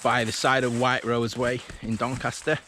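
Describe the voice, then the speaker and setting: Flat and sharp in tone, a man's medium-pitched voice moves at a normal pace as he vlogs outdoors along an old railway line. He thinks aloud casually, restarting now and then, in a loose walking commentary. Faint outdoor noise is present in the recording.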